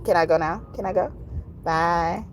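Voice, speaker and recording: A woman's voice: fairly low pitch, soft background music. A woman who gives spiritual readings, signing off in a rambling, affectionate casual talk, often ending lines with "okay?" and laughing. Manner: breaks into soft, slow crooning singing. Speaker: tarot reader. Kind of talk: casual spiritual sign-off monologue.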